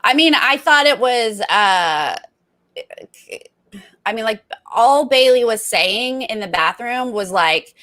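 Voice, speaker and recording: A woman's voice: expressive, slow, fairly bright tone, dry recording. A woman co-hosting a podcast, chatting emphatically through a recap and acting out quotes. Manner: emphatic, acts out quotes with big pitch jumps. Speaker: podcast co-host. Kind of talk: casual recap chat.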